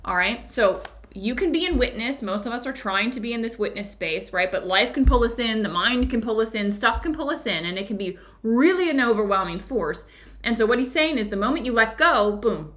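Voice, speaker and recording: A woman's voice: mid-range voice, a bit bright. A woman leading a live-streamed book discussion as a spiritual teacher, enthusiastic and chatty, laughing often and checking in with "right?".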